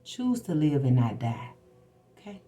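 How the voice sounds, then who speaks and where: A woman's voice: deep voice, very animated, a little slow, warm tone. Lady on a spiritual live, blunt and cussing, preaching off her own stories. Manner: blunt, profane, preachy storytelling. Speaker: spiritual livestream host. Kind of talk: casual spiritual talk to viewers.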